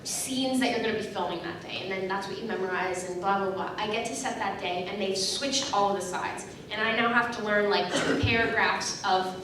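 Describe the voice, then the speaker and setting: A young adult woman, an actress on a convention panel, telling chatty stories in a bubbly way. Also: medium pitch. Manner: bubbly, chatty, quick anecdotes. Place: large convention hall. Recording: echoey hall, distant mic, background noise.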